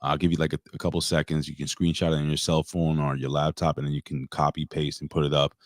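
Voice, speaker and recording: Very deep-voiced man, emotional and rambling. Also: level tone, quick pace, no room sound, studio quality. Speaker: co-host. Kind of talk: casual livestream chat.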